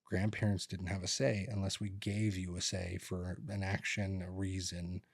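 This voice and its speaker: This co-host's voice is low and creaky, level in tone and moderately paced, with no room sound in the podcast studio. He tells rambling stories in casual chat, performing the lines his relatives said.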